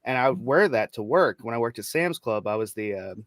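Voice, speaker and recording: Male co-host, 30s, casual swearing storyteller, mid pitch, dry close mic. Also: brisk, dry recording. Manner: swears freely, animated storyteller. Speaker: podcast co-host. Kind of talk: casual chat.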